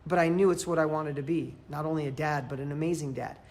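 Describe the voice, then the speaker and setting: A man coaching a live audience in a motivational training, emphatic and fervent, repeating phrases for emphasis and swinging between loud and quiet. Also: a little high, fairly even intonation, quick pace. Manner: fervent, emphatic, pep-talk delivery.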